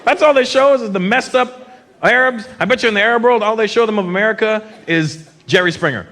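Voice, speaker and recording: A man doing a stand-up comedy routine on a live stage, animated and slipping into mocking impressions. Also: high-pitched, fairly quick. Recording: live show with loud audience and noise.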